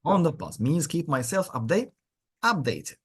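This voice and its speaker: Animated male teacher, husky voice. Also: fairly high pitch, normal speed. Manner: encouraging, repeats words, frequent praise. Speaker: English teacher. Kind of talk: online language lesson. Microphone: computer mic on a video call.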